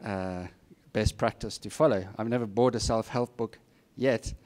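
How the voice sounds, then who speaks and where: Talking at a normal speed, a middle-aged guest speaker uses a lowish, slightly mellow voice with fairly even intonation. He gives students honest, plain career advice in an informal talk, often making light of himself.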